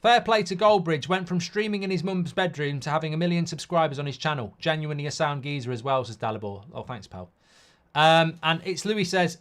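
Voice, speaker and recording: A man's voice: fairly high pitch, brisk, fairly bright tone. Blunt man hosting a football watchalong. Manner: casual and blunt, reads out viewer comments, swears. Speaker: host. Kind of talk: live football watchalong commentary.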